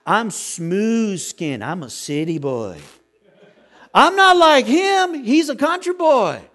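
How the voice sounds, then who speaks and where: A man voicing an anxious young son who is his mother's favorite, in a high, excited voice. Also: takes it slowly, exaggerated voice. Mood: alarmed.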